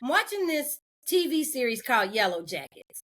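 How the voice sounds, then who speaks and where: A woman as a podcast guest in candid conversation, animated, laughing often and acting out the voices of people she quotes. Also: sits high, normal speed.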